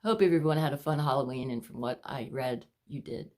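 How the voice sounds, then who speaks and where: A woman talks to her viewers in a low-pitched voice, pausing as she runs short of breath. Her chat rambles and she apologizes often, in an easy home-video way. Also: darkish tone. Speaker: vlogger showing her paintings. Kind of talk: casual chat to camera.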